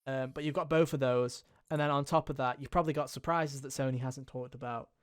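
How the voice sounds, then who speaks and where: A man's voice: mid-range voice, fairly even intonation, fast talker, clear, resonant tone. A man co-hosting a gaming podcast in casual chat, rambling and jokey, with a lot of swearing. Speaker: podcast co-host.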